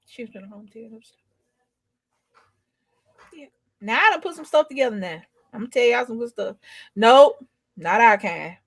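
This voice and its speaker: Chatty woman with a higher, dry voice. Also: no echo. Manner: chatty, drawling, rambling, emphatic. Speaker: co-host. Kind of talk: casual chat.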